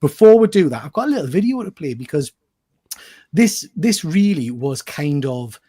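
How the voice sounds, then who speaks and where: A man hosting a casual live chat show, upbeat and jokey as he reads out comments from viewers. His voice sits a little high for a man, and he tends to repeat his phrases as he goes. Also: big pitch swings, moderate pace, dark tone, breathy edge. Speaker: host.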